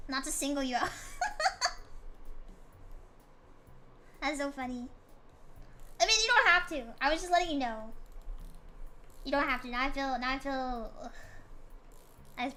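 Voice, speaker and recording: Bright, high-voiced woman streamer chatting. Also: normal speed, long pauses, a little hiss or hum. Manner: playful, mock-dramatic complaining. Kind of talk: casual chat with stream chat.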